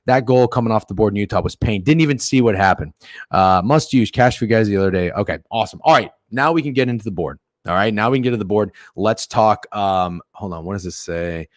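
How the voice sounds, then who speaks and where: A man hosting a casual betting livestream, swearing freely and ranting with sharp jumps in loudness. His voice sits low and the sound is dry and close, with almost no room around it. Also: animated, fairly quick, no room sound. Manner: profane, opinionated ranting with sudden loud outbursts. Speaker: sports betting stream host. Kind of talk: casual livestream rant and chat reading.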